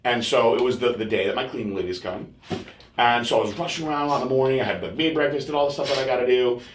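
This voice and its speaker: Male podcast host, crude and rambling, mid pitch, roomy echo. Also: fast talker, slight background noise. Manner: crude, rambling, acts out quotes in high voices. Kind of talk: casual storytelling chat. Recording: echoey room.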